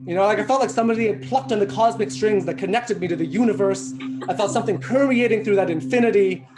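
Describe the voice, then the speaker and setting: A male comedian tells a long story over a video call from home. He talks in an animated, self-mocking way and swears freely. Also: high voice, fast, music in the background. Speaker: stand-up comedian. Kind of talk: stand-up storytelling.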